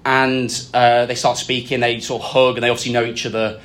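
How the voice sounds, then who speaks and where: A man, co-hosting a live podcast and telling stories with lively delivery in a function suite. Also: medium pitch, fairly quick. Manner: lively storyteller, acts out quotes. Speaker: podcast co-host.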